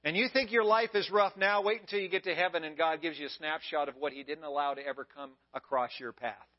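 A man's voice: on the high side, fast talker. Male pastor, sermon, emphatic, repeats key lines, dull lo-fi sound.

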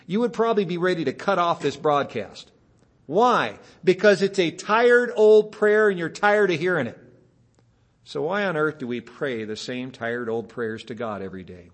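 Male pastor preaching with emphasis and rhetorical questions; voice sits a little high. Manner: mimics dull repeated phrases in a flat, weary tone. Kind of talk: sermon.

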